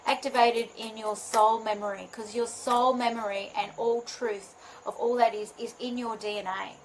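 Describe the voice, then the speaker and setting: A bubbly woman who works as a healing mentor, talking live to her viewers. Her voice sits a bit high, and she laughs at her own slips. A faint hiss runs under her speech. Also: steady tone, normal speed, poor audio. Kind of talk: live video chat to viewers.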